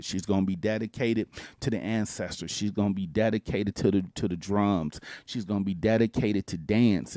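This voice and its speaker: Male pastor-host, low mellow voice, preachy call and response. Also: no room sound, clean studio sound. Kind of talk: motivational talk.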